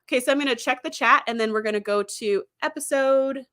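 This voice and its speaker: Bright-voiced woman recapping casually. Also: high-pitched, fairly quick, smooth. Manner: chatty retelling with acted-out quotes and fillers. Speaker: host. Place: streaming setup.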